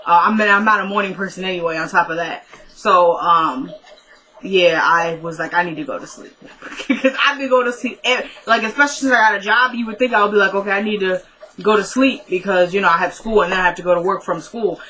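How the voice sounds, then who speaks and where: Bright-voiced, chatty young woman. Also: medium pitch, fairly quick, poor audio. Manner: chatty, laughs often, talks to viewers. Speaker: TV recap vlogger. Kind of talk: casual chat.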